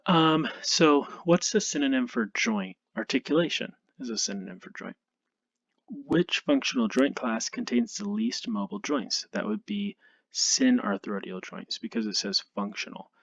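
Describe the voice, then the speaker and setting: At a medium pitch and moderate pace, a tired, yawning male instructor talks through anatomy slides in a recorded lecture. He sounds relaxed and self-deprecating and fills his thinking aloud with ums, and the audio is dull with no echo.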